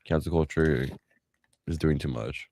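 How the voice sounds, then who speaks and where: A man's voice: rumbling low, steady tone, unhurried, darkish tone, dry recording. A man co-hosting a podcast in laid-back casual chat, answering with short replies. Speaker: podcast co-host.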